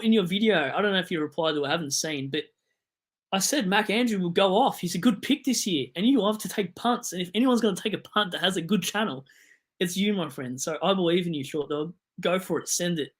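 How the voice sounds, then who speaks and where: Excitable young Australian man streaming. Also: sits high. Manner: excitable, digressive, swings from loud bursts to mumbling asides. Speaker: live-stream host. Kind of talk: casual live-stream chat.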